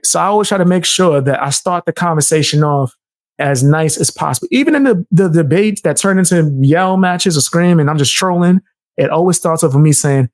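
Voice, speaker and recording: Young NY-accent man, blunt and heated live commentary, higher voice, dry close sound. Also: a little fast, no room sound. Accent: New York. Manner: blunt, heated, laughs often, swears. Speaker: streamer reacting to clips. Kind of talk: casual live-stream commentary.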